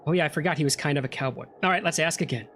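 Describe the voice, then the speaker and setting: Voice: medium pitch, rapid-fire, fairly bright tone, a little hiss or hum. A let's play host giving casual gameplay commentary, chatty and joking while reading game text aloud.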